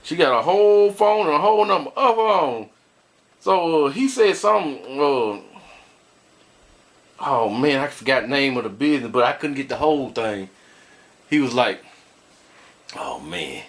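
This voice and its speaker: A man's voice: a little high, sing-song, moderate pace, pauses often, fairly bright tone. A married man vlogging, ranting bluntly to his viewers and laughing often as he complains. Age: adult, married. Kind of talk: casual ranting commentary.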